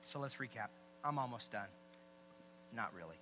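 A man preaching a sermon as pastor, energetic and repetitive, with joking asides. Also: medium pitch, moderate pace, background noise.

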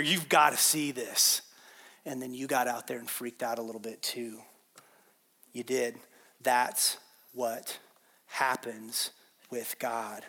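Bright-voiced, high-pitched male preacher. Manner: animated, conversational preaching, swings from loud to quiet. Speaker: pastor. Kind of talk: sermon.

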